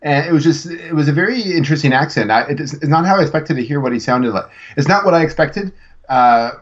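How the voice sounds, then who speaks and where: A man's voice: fairly high pitch, fast talker. A man co-hosts a podcast in a loose, casual chat. He rambles and restarts his sentences often, and his voice comes through a little muffled. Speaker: podcast co-host.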